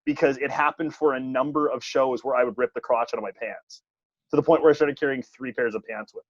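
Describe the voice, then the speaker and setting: A wrestling referee spins an animated, funny anecdote at his own expense during a laid-back podcast conversation. His voice is mid-range and a little fast. The recording is dull, lo-fi and dry, with no room sound.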